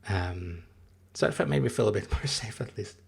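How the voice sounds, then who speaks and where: A man's voice: on the low side, lively intonation, normal speed, creaky, slightly rough. A man in his thirties, not a native English speaker, chatting in a rambling, casual way on a livestream and answering his chat.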